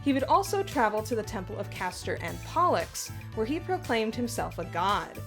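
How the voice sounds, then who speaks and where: A woman's voice: a little high, sing-song, normal speed. A woman narrating scripted fandom facts with dry, teasing banter. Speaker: co-host of fandom facts video. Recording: music bed behind voice.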